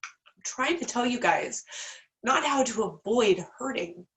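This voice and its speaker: A woman's voice: fairly high pitch, animated, a little slow, fairly bright tone, poor audio. Teary, stuffy-nosed woman teaching candidly. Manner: candid, self-deprecating, rambling asides. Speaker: class teacher. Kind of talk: casual online class talk.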